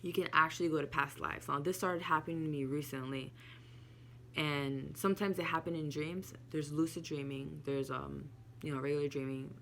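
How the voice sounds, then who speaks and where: A woman's voice: low voice, fairly even intonation, moderate pace, vocal fry, a bit bright, a little hiss or hum. A woman casually telling a personal spiritual story to camera, candid and emotional, swearing freely. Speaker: spiritual vlogger.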